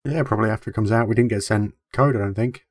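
A man's voice: on the low side, fast, no echo. A man in a casual chat, making dry, matter-of-fact remarks. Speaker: podcast co-host.

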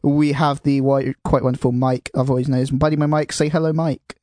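A man hosts a podcast in a loose, rambling way. He is self-deprecating and swears casually. His voice sits at an ordinary pitch and sounds dry and close, with no room in it. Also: level tone, a little fast, mellow, dry recording. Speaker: podcast host. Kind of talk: casual chat.

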